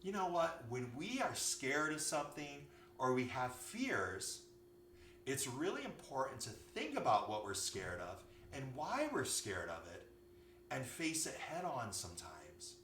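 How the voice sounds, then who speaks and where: A man playing a calm, wise lion king. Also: mid-range voice, a little slow, slight background noise. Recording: echoey room, far from mic.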